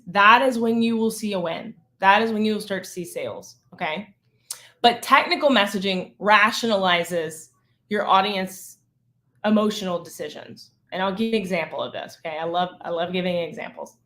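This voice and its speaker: A woman's voice: medium pitch, a bit bright. A woman in her thirties, a business coach teaching on a live stream, emphatic and checking in with "okay?" and "right?".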